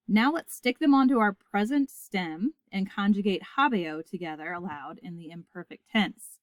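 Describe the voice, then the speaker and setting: Clear, deliberate woman teaching Latin. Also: mid-range voice, no room sound. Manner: clear, deliberate, recites forms aloud for listeners to repeat. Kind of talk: scripted lesson narration.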